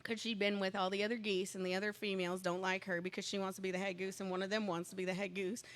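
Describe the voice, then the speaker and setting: A woman's voice: mid-range voice, fast. Chatty woman telling a rambling story. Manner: chatty, rambling storyteller who gets excited. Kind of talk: casual chat.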